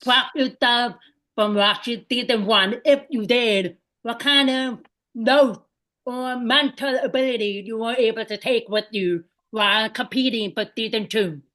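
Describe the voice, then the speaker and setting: A woman's voice: fairly high pitch, unhurried, fairly bright tone. A woman hosting a podcast, asking her guest questions in an enthusiastic, chatty way. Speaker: podcast host. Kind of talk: casual interview chat.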